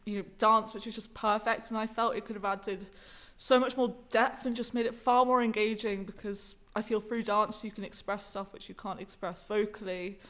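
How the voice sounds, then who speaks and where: A woman's voice: medium pitch, steady tone, moderate pace, few pauses, fairly bright tone. A woman co-hosting a podcast, giving an earnest, analytical review of a theatre show. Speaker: podcast co-host reviewing a musical. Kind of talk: casual review chat.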